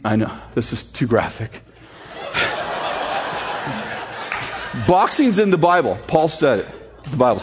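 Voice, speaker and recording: A man preaching a sermon, telling a story with animated, sarcastic humor before reading scripture. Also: fairly high pitch, noisy background. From United States. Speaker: pastor.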